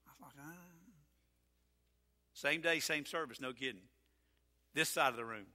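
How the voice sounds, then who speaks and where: A male pastor preaching a folksy, emphatic sermon, building to loud, drawn-out peaks. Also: mid-range voice. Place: church sanctuary. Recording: reverberant church sanctuary.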